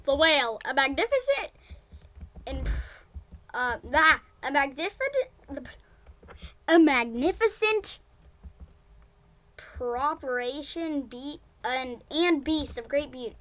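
A woman giving casual gameplay commentary, excitable and giggly, with frequent exclamations. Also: high voice, unhurried, pauses often. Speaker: gamer.

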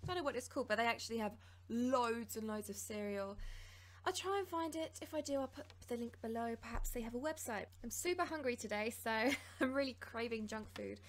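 A woman hosting a casual taste-test vlog, bubbly and excitable, gasping and giggling. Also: on the high side, a little fast. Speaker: YouTuber.

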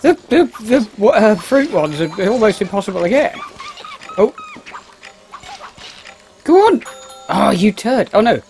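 Brief: man narrating gameplay casually, chatty and exclamatory, slightly high voice. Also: very animated, measured pace, pauses often, darkish tone, soft background music. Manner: rambling, exclaiming at the game, muttering asides. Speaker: gameplay commentator. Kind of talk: casual let's-play commentary.

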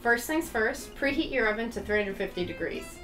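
A woman with a mid-pitched voice walks viewers through a baking demo in a chatty, friendly way. Faint music plays behind her. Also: animated, normal speed, fairly bright tone. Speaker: host. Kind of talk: show hosting and cooking demo.

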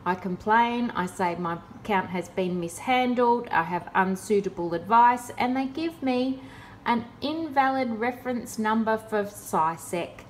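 A woman's voice: fairly high pitch, a little slow, a little hiss or hum. A woman in a casual vlog, talking in a sarcastic, exasperated way. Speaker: vlogger.

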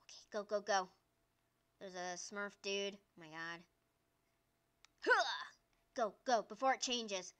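On her gaming channel, a young woman gives excited commentary on the gameplay, squealing and cheering at the screen. Her voice is mid-range, and she talks slowly with frequent pauses.

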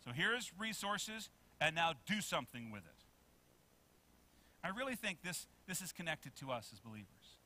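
Bright-voiced preaching man. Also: sing-song, moderate pace. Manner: preaching with many questions to the congregation; swings between loud emphasis and soft low asides. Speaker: pastor. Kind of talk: sermon.

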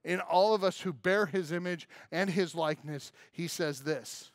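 High-voiced animated male preacher. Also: moderate pace, no echo, clean studio sound. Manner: animated storytelling, acting out voices of listeners. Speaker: pastor. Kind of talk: sermon.

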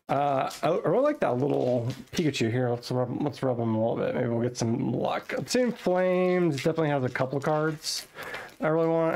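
Man, gravelly voice, mid pitch, chatty unboxing vlog, excitable, home desk, camera mic. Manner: chatty, excitable, thinks aloud. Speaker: card-opening vlogger. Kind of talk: casual unboxing chat.

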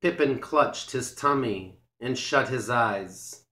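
Slow, deliberate man reading a story. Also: mid-range voice, bright, forceful tone. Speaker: storyteller for English learners. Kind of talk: scripted storybook narration. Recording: roomy echo.

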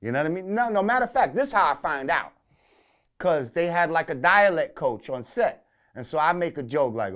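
A man's voice: fairly high pitch, expressive, brisk, a bit bright, clean tone. A man with a New York accent, a guest in a casual interview, telling a loose, profane story.

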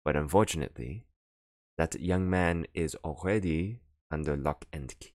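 A man reading an audiobook, voicing a calm, unbothered police detective who brushes off worries. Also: rumbling low, normal speed, no room sound. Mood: dismissive. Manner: calm, dismissive, dry. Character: unflappable middle-aged male police detective.

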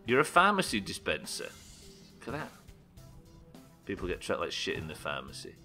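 British guy streaming a game, lowish voice with a bright edge, chatty, faint music behind. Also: huge pitch swings, normal speed. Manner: chatty, muttering to himself while building. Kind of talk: live gameplay streaming, reading chat.

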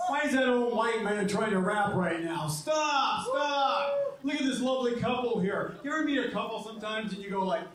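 A man doing a stand-up comedy set, brash and loud, dropping into goofy bits. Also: high voice, expressive. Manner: brash, quick shifts into silly character voices. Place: comedy club stage. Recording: echoey room from far off the mic.

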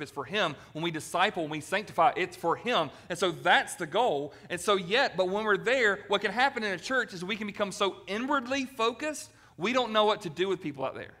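Pastor, man, bright tense voice, lively sermon delivery. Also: fairly high pitch. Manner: animated, acts out quoted voices. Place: church sanctuary.

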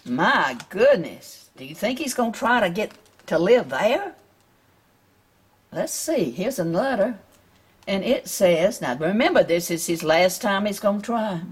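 Slow, husky Southern woman reading a storybook aloud. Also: mid-range voice, very animated. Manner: gentle, asks the listeners questions. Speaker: storyteller reading a picture book to children.

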